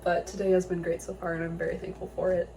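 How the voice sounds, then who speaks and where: A young woman, chatting casually and warmly in a home vlog. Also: on the low side, flat delivery, fast. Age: young adult. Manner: chatty, upbeat, sentimental. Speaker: vlogger. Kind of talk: casual chat. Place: at home, apartment.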